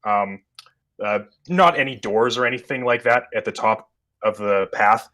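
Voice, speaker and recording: A man's voice: lowish voice, normal speed, bright, forceful tone. A man narrating a tabletop horror game as game master, describing scenes with many ums and uhs.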